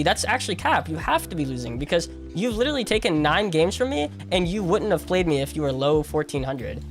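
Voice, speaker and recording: A man's voice: on the high side, sing-song, a little fast, few pauses, soft background music. A young man streaming a game, talking to chat in a casual, argumentative way, full of slang and repetition. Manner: incredulous, argumentative, repeats himself; heavy use of "like" and slang.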